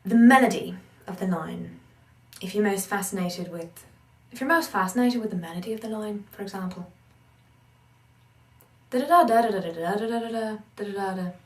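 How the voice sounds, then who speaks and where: Woman accent coach, casual and animated, mic set back in a roomy space. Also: fairly low pitch, far from the mic. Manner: animated, breaks into sung syllables and mock accents to demonstrate. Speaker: accent and dialect teacher. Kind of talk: casual spoken lesson.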